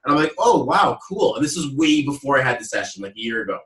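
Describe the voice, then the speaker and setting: Male podcast host, casual storyteller, mid pitch, acts out quotes, roomy and slightly off-mic. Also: rapid-fire, fairly bright tone. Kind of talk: casual chat. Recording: roomy echo, voice a little far off mic.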